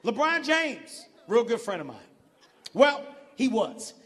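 A man in his forties doing a loud, profane stand-up comedy set, swooping in pitch and shouting his punchlines. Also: very animated, takes it slowly. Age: 40s. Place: large arena stage. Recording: big hall with crowd and laughter.

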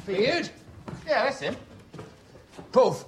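A man's voice: very high-pitched, big pitch swings, very slow, background noise, voice pushed up, exaggerated voice. A man voicing a chatty middle-aged pub mate who banters. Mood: bantering.

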